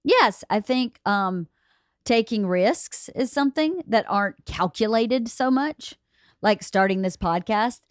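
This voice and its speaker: A woman's voice: a little high, lively intonation, measured pace, dry recording, clean studio sound. A middle-aged woman hosting a podcast, talking in a practical, reassuring way during a casual family conversation at home. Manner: practical, reassuring, explains things plainly. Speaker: podcast host. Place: home, late night.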